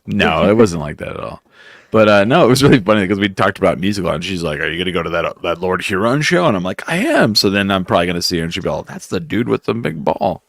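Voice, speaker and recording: A man's voice: low voice, rapid-fire, a bit bright, no echo. A man hosting a radio show, joking and teasing in casual studio banter with an American accent. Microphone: studio mic.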